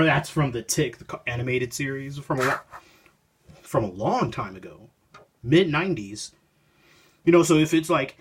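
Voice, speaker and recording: A man with a husky, slightly breathy voice talks through a comic issue in a loose, rambling way. He paraphrases the dialogue and stops himself mid-thought. He records on a phone. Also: mid-range voice. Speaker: comic book reviewer. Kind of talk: casual spoken review, reading panels aloud.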